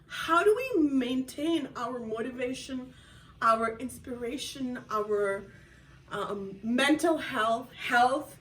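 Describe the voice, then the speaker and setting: A woman's voice: high-pitched, animated, takes it slowly, fairly bright tone, distant mic, poor audio. A woman author hosting a motivational live video from her home, talking earnestly and openly about her own feelings, with frequent laughs. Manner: earnest, self-disclosing, laughs often. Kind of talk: motivational live-stream talk.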